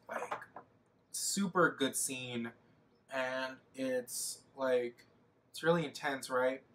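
A man's voice: mid-range voice, fairly bright tone. Young male makeup vlogger, chatty and rambling, self-deprecating, lots of fillers, recorded on a camera mic at home. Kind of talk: casual get-ready-with-me chat.

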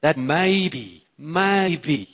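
A man with a South African accent preaching a sermon, excitable and chatting with the congregation between points. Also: on the high side, drawn-out words. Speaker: pastor. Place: church auditorium. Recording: reverberant church hall.

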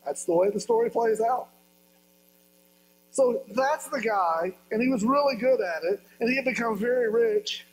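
A man's voice: very high voice, normal speed, rough recording. A male pastor giving a sermon, telling a story with humor and acting out voices.

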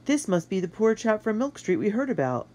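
A narrator voicing a gruff redcoat soldier who talks briskly. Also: medium pitch, sing-song, dark tone, pitched above the performer's own voice, natural voice. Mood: brusque.

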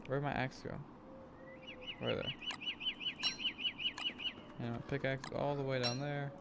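A man casually talking through his gameplay as a streamer, rambling and thinking aloud, with sudden excited whoops. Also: mid-range voice, a little slow, gravelly, very noisy. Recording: game music playing under the voice. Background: game music.

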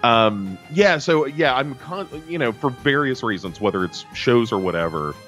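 A man's voice: medium pitch, expressive, moderate pace, fairly bright tone, faint music behind. A man from the United States co-hosting a film podcast in casual chat, rambling and often restarting his sentences. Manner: rambling, self-interrupting, chatty. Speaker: podcast co-host.

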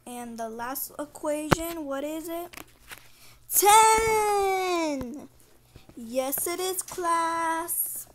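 A soft-spoken teacher, played by a girl, muttering to herself in a homemade skit. The voice is high and unhurried. A fan drones in the background. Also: expressive, exaggerated voice. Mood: praising. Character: teacher, a patient adult woman. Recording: fan noise behind.

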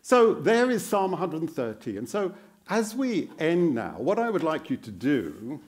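A male guest preacher delivering a sermon in a church. He speaks slowly and earnestly, and his voice rises and falls widely. He puts questions to the congregation, praises their answers like an encouraging teacher, and repeats phrases for emphasis. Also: a little high, sing-song, a little mellow.

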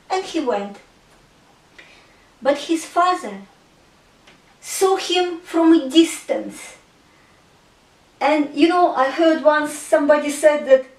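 A woman retells a Bible parable in a slow, earnest storytelling manner. Her voice sits high, and her phrasing is simple and unhurried. The recording is roomy, with the mic set a little away from her. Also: far from the mic. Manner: slow, earnest storytelling with non-native grammar. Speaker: Christian artist and speaker. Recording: echoey room, speaker away from mic.

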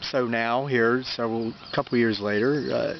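A man's voice: mid-range voice, fairly even intonation, normal speed, vocal fry, highs cut off, a little hiss or hum. A middle-aged man telling stories outdoors on his rural homestead in a folksy, rambling way, full of fillers and restarts. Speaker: homesteading vlogger. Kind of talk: casual storytelling monologue.

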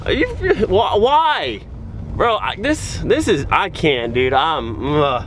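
A man's voice: on the high side, big pitch swings, takes it slowly, a little hiss or hum. A young man filming a casual car vlog, talking in a rambling, exasperated way with many filler words. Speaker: car vlogger.

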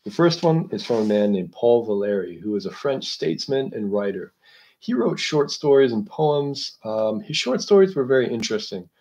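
A man hosting a literature discussion, explaining a book in a measured, analytical way while thinking aloud. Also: mid-range voice, sing-song, darkish tone.

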